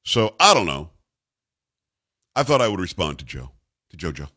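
A man's voice: low voice, sing-song, normal speed, sharp tone, husky. A man hosting a talk radio show, making his points with rhetorical, emphatic questions to his co-host.

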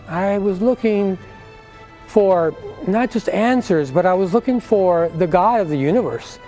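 A man's voice: high-pitched, expressive, measured pace, warm tone, faint music behind. An older man giving an earnest personal faith testimony, acting out the voices of people in his story.

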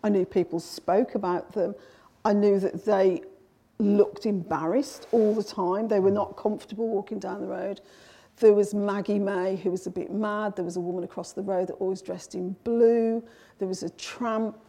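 Middle-aged woman author, gravelly low-ish tone, tells her childhood stories slowly with lots of restarts. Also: steady tone, mellow. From England. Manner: reflective storytelling with frequent restarts. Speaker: author, guest. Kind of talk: conversational interview.

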